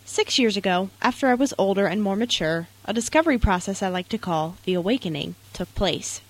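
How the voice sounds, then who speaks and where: A woman's voice: medium pitch, expressive, fairly quick, rough recording. A young woman reading a personal essay aloud in an earnest, tender way. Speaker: narrator.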